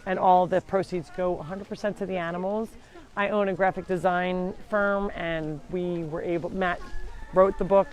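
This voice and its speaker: A woman's voice: on the low side, steady tone, normal speed. A woman hosting a live farm sanctuary tour, chatting to viewers and calling to the animals as she walks around the farm. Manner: chatty, talks to the animals while touring. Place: farm, walking between buildings.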